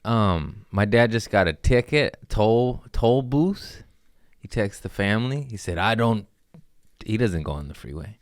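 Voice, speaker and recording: A man's voice: on the low side, animated, unhurried, no room sound, studio quality. A man hosting a comedy podcast, rambling through crude, jokey stories in a casual monologue.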